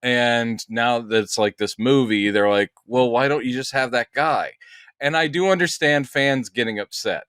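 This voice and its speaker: This man co-hosts a podcast in a mid-range voice at a moderate pace, slightly bright and clean. The recording is studio quality with no echo. He chats casually and rambles, full of fillers and restarts.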